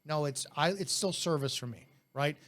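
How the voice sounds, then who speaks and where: A man's voice: fairly high pitch, normal speed, fairly bright tone. A man coaching network marketing in a blunt, intense, in-your-face way, in casual talk.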